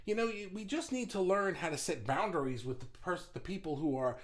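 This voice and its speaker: Animated, blunt middle-aged man. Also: high-pitched, a little fast. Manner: animated, blunt, swears casually; frequent restarts and stumbles. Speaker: business owner. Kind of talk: casual motivational talk.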